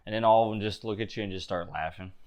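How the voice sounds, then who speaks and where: A man narrating a tabletop game as game master in a relaxed way, laughing often. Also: on the low side, fast, lo-fi sound.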